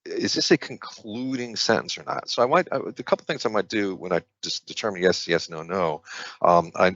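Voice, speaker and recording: A man's voice: deep voice, a bit bright, no room sound, muffled recording. A man tutoring through practice test questions, thinking aloud with frequent restarts and fillers. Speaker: SAT prep tutor. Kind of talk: screen-share test walkthrough.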